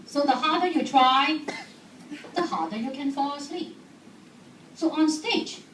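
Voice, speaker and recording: A woman talking to a live audience, asking them questions and laughing often. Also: high voice. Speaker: speaker. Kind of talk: lively talk to an audience. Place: hall. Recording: echoey hall recorded from far off, background noise.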